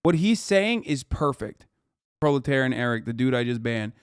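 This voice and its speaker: A man's voice: mid-range voice, lively intonation, normal speed, smooth, no echo, clean studio sound. A man streaming a reaction video, ranting at his chat with heavy swearing and rising anger. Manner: profane, heated ranting at chat. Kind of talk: livestream reaction commentary.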